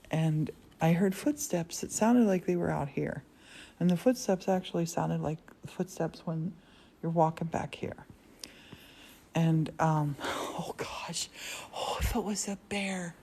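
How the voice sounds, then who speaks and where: A woman hosting a casual live stream, telling rambling stories with frequent laughs from a quiet converted church studio. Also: lowish voice, a little hiss or hum. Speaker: livestream host. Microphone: phone livestream.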